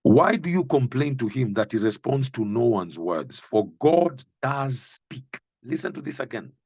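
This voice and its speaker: A man preaching a sermon, reading and explaining Bible verses slowly and emphatically, speaking directly to the listener. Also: medium pitch, lively intonation, a little mellow, breathy edge, no room sound.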